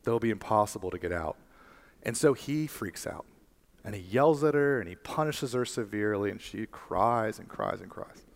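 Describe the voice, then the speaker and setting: A man preaching a sermon and telling a story, slowing on key words and building to fervent emphasis. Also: fairly low pitch, expressive, vocal fry. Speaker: pastor.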